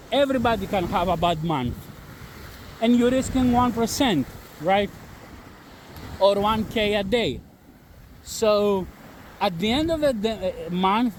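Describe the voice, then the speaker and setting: Man, non-native accent, blunt and repetitive, high voice, faint outdoor noise. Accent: non-native English. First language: not English. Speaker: trading channel host. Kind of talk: casual talk to camera-less audience.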